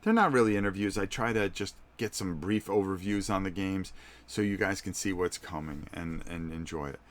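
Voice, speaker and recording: Deep-voiced middle-aged man chatting live. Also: normal speed. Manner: chatty, speaks directly to viewers. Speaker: live stream host. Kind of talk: casual live chat with viewers.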